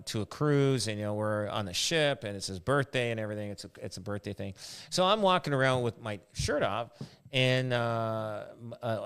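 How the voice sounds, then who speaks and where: A man talks through his stories in a loose, rambling podcast style, circling back and restarting as he goes. His voice sits slightly low. He is a realtor hosting the show. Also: smooth. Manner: rambling anecdotal storytelling. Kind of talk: casual podcast chat.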